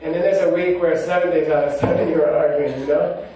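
A man with a fairly high voice gives a monk's spiritual talk. He wanders through personal stories in a loose, chatty way. He is recorded from a distance in a strongly reverberant room, with faint ambience behind him. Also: fairly even intonation, fast, mellow, a little hiss or hum. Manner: rambling and conversational, many "you know"s. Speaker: monk giving a teaching. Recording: very echoey room, mic far off.

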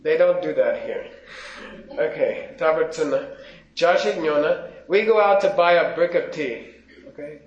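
A man with a slightly high voice teaches a Buddhist class, reading Tibetan phrases slowly and then unpacking them with casual jokes for his students. The lo-fi recording sounds dull and roomy, as if taped in a teaching hall. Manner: casual, joking asides to the class, reads Tibetan lines slowly. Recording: echoey, dull lo-fi room recording.

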